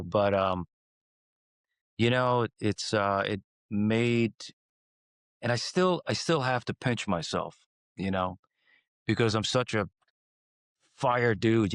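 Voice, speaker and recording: A man from Croatia, a guest in a casual interview who tells rambling stories with lively swings in his voice. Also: measured pace, dry recording, clean studio sound. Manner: animated, rambling, acts out quotes with swings in pitch. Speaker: guest singer.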